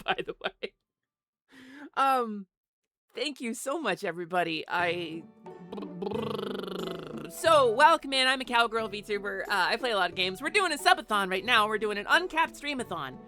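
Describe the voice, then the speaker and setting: Excitable, lively woman streamer. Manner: excitable, chatty, swears freely, sudden squeaky outbursts. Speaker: VTuber streamer. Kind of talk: casual livestream chat.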